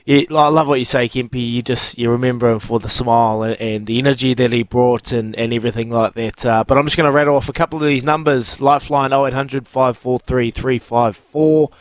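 A man's voice: mid-range voice, fairly even intonation, no echo. A man with a New Zealand accent, co-hosting breakfast radio in an earnest, supportive way. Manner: earnest, supportive, brisk when reading out details. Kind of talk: casual radio chat.

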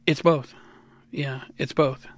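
A man in his sixties from the United States, a musician guest in an interview, talking in a rambling, animated way and laughing often. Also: medium pitch, slow. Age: 60s. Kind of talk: casual interview talk.

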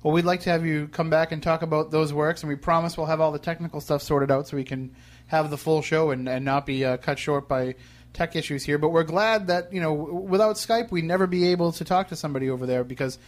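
A man's voice: a little high, quick pace. A middle-aged man hosting a radio show, chatty and joking, asking long rambling questions. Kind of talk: casual interview.

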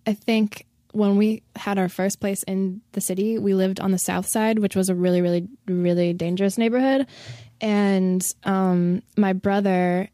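A woman's voice: medium pitch, fairly even intonation, unhurried, mellow, no room sound. Chatty young woman, dry close sound. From Chicago area. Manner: chatty, lots of "like" fillers, laughs easily. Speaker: guest. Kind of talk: casual conversation.

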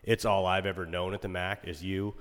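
Brief: deep, even-toned co-host, a man paying a heartfelt tribute, with a long room reverb. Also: fairly quick. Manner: earnest, heartfelt. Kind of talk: casual podcast chat.

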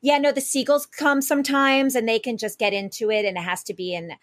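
A woman's voice: on the high side, flat delivery, a little fast, dry recording, voice pushed up, lightly acted. A woman briefly voicing an annoyed neighbor woman who politely but firmly scolds her, in a dry-sounding recording. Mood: politely scolding.

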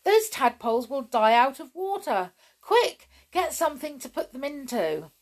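A woman's voice: medium pitch, moderate pace, close to an everyday voice. Woman doing a scolding toy boy. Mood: urgent. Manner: urgent and scolding. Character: stern, sensible boy toy.

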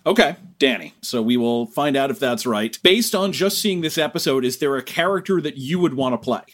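A man's voice: mid-range voice, animated, fairly quick. A man hosting an interview, asking questions with a dry, teasing manner. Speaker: interview host. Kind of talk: casual interview chat.

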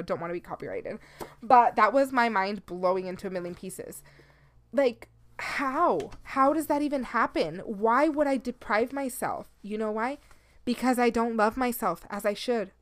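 Her voice sits a little high, bright and expressive, moving at a moderate pace. She's a woman in her thirties hosting a casual podcast alone, candid and swearing freely with the occasional Spanish phrase, sleepy enough to yawn.

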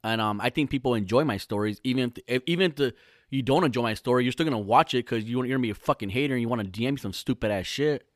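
A man spins a comic story for his podcast, cursing constantly and doubling back on himself as he talks. His voice sits in an ordinary middle pitch. It is recorded close and dry, with no room echo. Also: rapid-fire. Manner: rambling, heavy swearing, frequent restarts. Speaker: podcast host. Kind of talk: casual comedic storytelling. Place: lives in Southern California.

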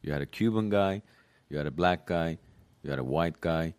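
A man's voice: extremely low pitch, moderate pace, darkish tone, smooth, no echo. A man co-hosting a casual political chat, arguing his points and explaining with examples.

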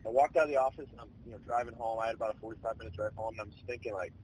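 A man in his twenties, a baseball player, telling his story in a relaxed, rambling way with many fillers. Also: fairly low pitch, racing, hardly any pauses, a little hiss or hum, low-quality recording. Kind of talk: casual storytelling interview.

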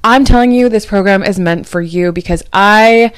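Young adult woman podcast host, casual and emphatic, mid-pitch, dry close-mic sound, a little worn down. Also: normal speed, clean tone, dry recording. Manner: chatty, emphatic, confiding. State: low and drained after crying. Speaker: podcast host and dating coach. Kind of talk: casual chat.

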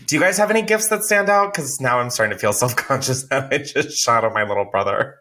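A man hosting a podcast in casual chat, laughing often and telling stories with swearing and animated energy. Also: medium pitch, brisk. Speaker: podcast host.

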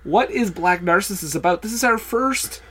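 A man's voice: high-pitched, animated, moderate pace, a crowd in the background. Wry teasing podcast man. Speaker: podcast co-host. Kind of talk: casual film podcast chat.

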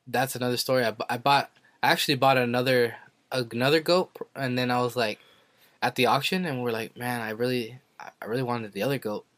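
Young male podcast co-host, loose storyteller who jumps into high pitched quotes, mid pitch, good for casual banter. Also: steady tone, brisk, a bit bright, no echo. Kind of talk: casual chat.

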